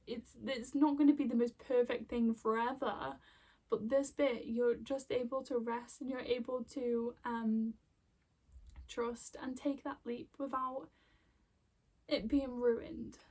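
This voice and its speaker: Slow and flat in delivery, a woman with a slightly high, somewhat mellow voice offers a casual intuitive card reading. She rambles emotionally, full of fillers and restarts, and her voice is a bit distant from the mic.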